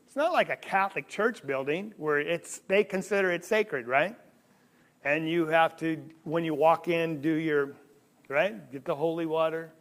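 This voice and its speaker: A man with a high voice teaches a church Bible class, his pitch leaping up and down as he talks. He keeps asking the room questions and pulling them along with him. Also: normal speed. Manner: animated, asks the audience questions. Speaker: preacher. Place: church hall.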